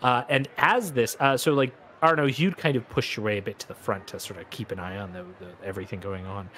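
A man's voice: on the low side, steady tone, a little fast, bright, forceful tone, a little hiss or hum. A man running a tabletop game as game master, narrating loosely with many fillers.

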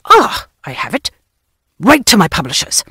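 A woman reading an audiobook, voicing an absent-minded, pedantic elderly male scholar who lectures and gently reproaches. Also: lowish voice, wildly swooping pitch, moderate pace, slightly rough, dry recording, studio quality, heavily acted. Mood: reproachful. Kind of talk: audiobook character voice.

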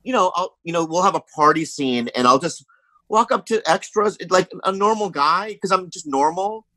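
A man's voice: sits high, expressive, normal speed, bright, forceful tone, no room sound. A man guest on a comedy podcast, telling rambling stories in casual chat and saying "you know what I mean" often.

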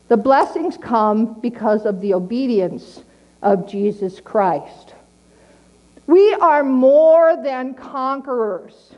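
A middle-aged woman's sermon is plainspoken and sincere, with key lines repeated slowly to stress them. Her voice is on the high side, heard through a muffled recording.

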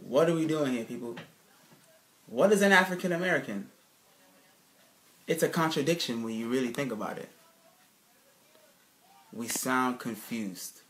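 A man's voice: medium pitch, sharp tone, slight background noise. Emphatic man lecturing with rhetorical questions. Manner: emphatic, keeps asking "right, people?"; rhetorical questioning, restarts mid-sentence. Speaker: presenter giving a slide lecture. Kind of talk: casual spoken lecture to viewers.

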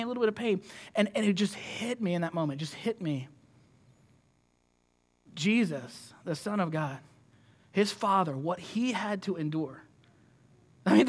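A man with a high-pitched voice preaches a sermon in a conversational, animated style, frequently starting his sentences over.

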